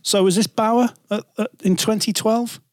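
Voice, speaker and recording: Candid podcast host with a Hull accent. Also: male voice, sits high, fairly even intonation, moderate pace, no room sound, clean studio sound. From Hull, England. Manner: candid, laughs, swears casually. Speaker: podcast host, former radio presenter. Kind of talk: casual chat.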